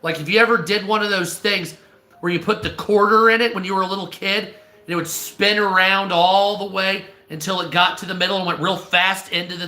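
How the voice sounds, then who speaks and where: A man ranting casually on a live stream, swearing often, stammering and clearing his throat. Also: sits high, bright, forceful tone, echoey room. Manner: profane, exasperated, restarts and stammers.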